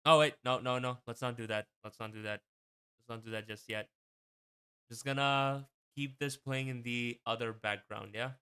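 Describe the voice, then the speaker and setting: A man's voice: medium pitch, fairly even intonation, normal speed, bright, forceful tone, clean tone. A young man hosting a casual watch-party stream, rambling and swearing freely as he talks.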